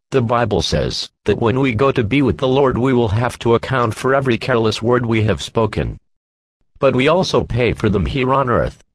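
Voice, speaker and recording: A man giving a measured, steady scripted reading of a Christian parenting book as an audiobook narrator. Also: mid-range voice.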